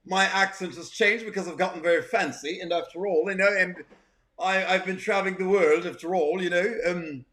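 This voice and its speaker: A man's voice: high-pitched, big pitch swings, slow pace, sharp tone, full character voice. A man voicing a snobbish little boy who puts on a fancy, affected way of talking to look down on his mother. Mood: haughty. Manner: prissy, affected fancy talk.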